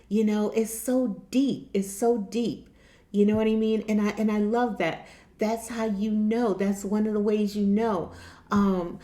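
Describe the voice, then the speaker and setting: A woman with a mid-range, mellow voice speaks in a roomy-sounding space. She's a vlogger talking earnestly to camera about spiritual awakening in a casual way, often repeating herself and restarting sentences.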